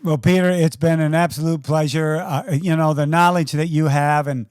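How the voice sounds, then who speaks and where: Male podcast host, conversational and unhurried, slightly high voice, dry close recording. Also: fairly even intonation, darkish tone, clean tone, no room sound. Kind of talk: interview hosting.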